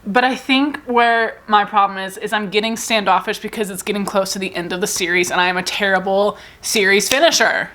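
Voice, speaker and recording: A woman's voice: mid-range voice, fairly even intonation, a little fast, hardly any pauses, a bit bright. A woman book vlogger in a casual, rambling, self-deprecating chat, talking about her reading.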